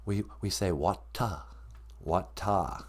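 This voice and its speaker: A man putting on a dead male English rock star's ghost with an English accent, speaking in a soft, formal, courtly way. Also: deep voice, slow, slightly rough, voice pushed down, full character voice.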